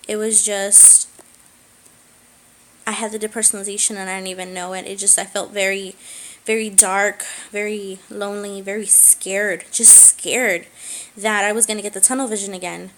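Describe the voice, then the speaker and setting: A young woman speaking in a halting personal vlog, with many pauses and fillers, close to tears. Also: medium pitch, steady tone, a bit bright, rough recording. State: tearful. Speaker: vlogger.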